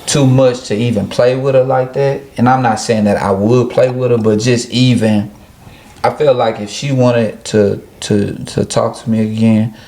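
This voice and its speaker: A man's voice: mid-range voice, steady tone, moderate pace, dark tone. Laid-back drawling male podcast guest. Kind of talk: casual chat.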